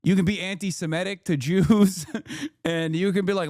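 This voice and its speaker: High-voiced man ranting on stream. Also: normal speed, vocal fry, no echo, clean studio sound. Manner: animated, swearing, laughing, mocking. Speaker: streamer reacting to a clip. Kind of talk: profane live-stream reaction rant.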